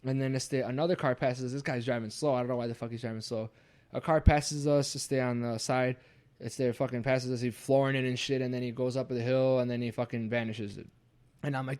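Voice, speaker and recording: A man's voice: mid-range voice, fast. A young man telling a ghost story casually on a podcast, swearing often and acting out the voices of his friends. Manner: swears a lot, animated when acting out quotes. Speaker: podcast host.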